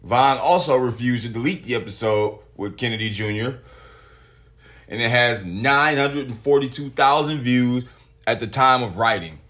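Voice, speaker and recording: A man hosting a solo podcast, talking casually with lots of swearing and reading articles aloud in an animated way. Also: medium pitch, moderate pace. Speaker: podcast host.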